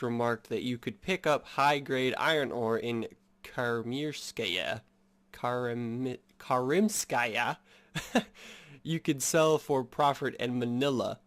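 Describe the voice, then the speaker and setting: A man's voice: mid-range voice, a bit bright. A man giving casual game commentary, reading story text aloud and rambling with lots of filler words. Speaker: gameplay streamer.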